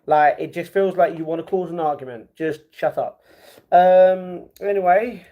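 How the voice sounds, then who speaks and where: A man's voice: high voice, unhurried, phone-quality sound. A young man chatting casually with viewers as he reads out his live stream chat. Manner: chatty, banters with viewers, slangy. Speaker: livestream host reading chat.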